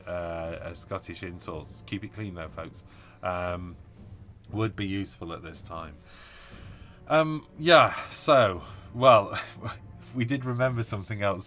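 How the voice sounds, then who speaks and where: A man's voice: deep voice, fairly bright tone. A man hosting a casual live stream, chatting, laughing often and reading viewer comments aloud. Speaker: host reading live chat.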